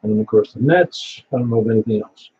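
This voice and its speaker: A man's voice: fairly low pitch, fast, mellow. Folksy man running a radio net. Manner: folksy, rambling, repeats details to confirm them. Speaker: net control operator for an amateur radio net. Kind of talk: casual radio net announcements. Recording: slightly dull sound with faint hiss.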